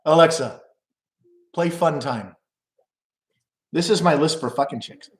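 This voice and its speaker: A man's voice: fairly high pitch, measured pace, roomy sound. A middle-aged man casually telling rambling stories at home, profane and loose, laughing at his own jokes. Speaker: live streamer.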